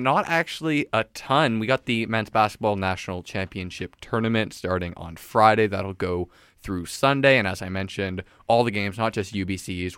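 A male sports host with a low, smooth voice, recapping games in a lively, casual manner. He laughs easily between results. The sound is dry and close. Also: no echo.

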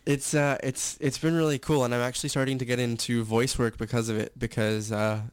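A man's voice: medium pitch, little pitch movement, a little fast, clean tone, dry recording. A young man, a stadium announcer and actor, chatting candidly as an interview guest with many fillers and restarts. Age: young adult. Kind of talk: casual interview chat.

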